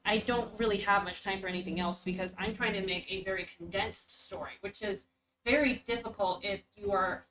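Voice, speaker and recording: A woman hosting a casual stream, reacting to a story with rambling, animated chat and the odd swear. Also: mid-range voice, brisk, background noise. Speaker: stream host reacting to a web serial.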